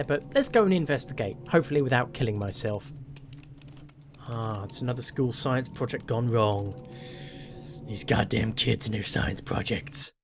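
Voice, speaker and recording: A man playing a horror game and commenting on it, wry and self-mocking as he thinks aloud. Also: mid-range voice. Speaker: gameplay commentator. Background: faint game music.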